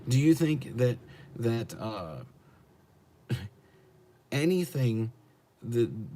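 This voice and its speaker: This American truck driver's voice is mid-range, sing-song and mellow, extremely slow, with frequent pauses and a little hiss or hum. Streaming live, he rants bluntly with profanity as he answers chat, repeating questions for emphasis.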